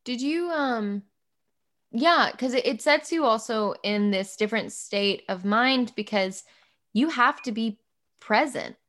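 A young American woman hosting a podcast, telling stories in an animated way with frequent laughs. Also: fairly high pitch, measured pace. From United States. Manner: animated storyteller, laughs often, acts out quotes. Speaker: podcast host. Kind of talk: casual interview chat.

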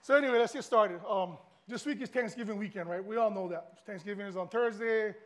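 Hawaiian guy preaching at church, high-ish voice, real casual and chatty with the crowd. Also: a little fast, a bit bright. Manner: casual, chatty, speaks to the congregation. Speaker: guest pastor. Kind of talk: sermon.

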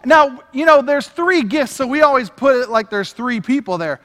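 A man preaching a sermon with energetic, conversational delivery and casual slang. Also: very high voice, moderate pace. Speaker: pastor. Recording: long hall reverb.

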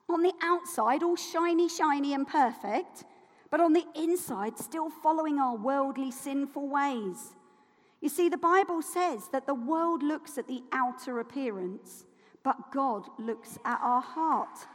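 A high-voiced woman delivers a sermon in a church whose long reverb trails after each phrase. She preaches with rhetorical questions and passion, dropping to soft asides and then rising into forceful indignation. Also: a little slow. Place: church hall.

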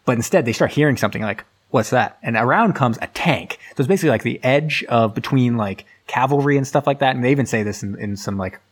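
A man's voice: medium pitch, fast talker, hardly any pauses, husky. A man casually retelling a film's plot in a rambling, filler-heavy way, as a podcast host. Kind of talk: casual movie recap.

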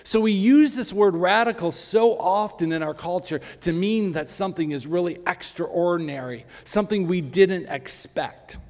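A man preaching a sermon as a pastor, animated when he acts out his stories and slowing right down for emphasis. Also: high-pitched. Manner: animated storytelling, acts out the people in his story; slows down and drops to near whisper for emphasis. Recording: long hall reverb.

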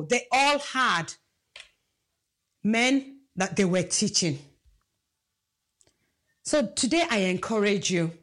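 A woman's voice: medium pitch, a bit bright. A woman preaching a sermon, emphatic and asking the congregation rhetorical questions.

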